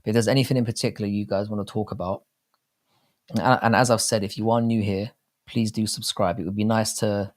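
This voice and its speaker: Speaking a little fast in a steady, lowish voice, a young man runs a casual livestream. He reads comments from viewers aloud with exaggerated enunciation and plenty of crude swearing.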